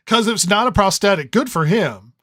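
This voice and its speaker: A man's voice: high voice, expressive, moderate pace, fairly bright tone, no echo, studio quality. A man co-hosting a podcast review in casual chat, rambling and riffing with lots of stammered restarts. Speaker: podcast co-host.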